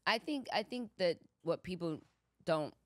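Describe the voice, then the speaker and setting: A woman co-hosting a podcast, talking through faith in a relaxed, thoughtful way, often checking in with "you know what I'm saying". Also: on the low side, measured pace, no echo. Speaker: podcast co-host. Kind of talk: casual faith chat.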